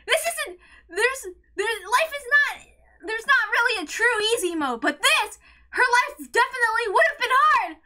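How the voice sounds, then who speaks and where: A woman's voice: very high voice, sing-song, normal speed. A woman hosting a read-along, giving emotional reaction commentary in an impassioned rant, stammering and close to tears. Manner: impassioned ranting, shouts and stammers. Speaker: host of a visual novel read-along.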